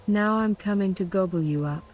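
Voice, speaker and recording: A woman's voice: medium pitch, moderate pace, slight background noise, lightly acted. A woman whispering as a greedy bridge troll, in whispered role-play. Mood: greedy menace. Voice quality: whispered, soft. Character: greedy hulking male troll under a bridge.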